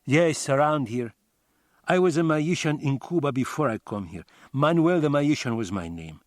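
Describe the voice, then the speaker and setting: A cagey Cuban man with a Cuban accent, posing as a magician over the phone, as an audiobook narrator puts him on. His phrasing is formal and halting, pitched above the narrator's own voice. The sound is dry and close. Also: expressive, no room sound, close to an everyday voice.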